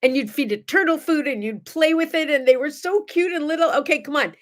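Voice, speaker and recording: A middle-aged woman hosting a morning show, chatting to viewers and telling animated stories. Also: high voice, a little fast. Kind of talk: casual chat and storytelling.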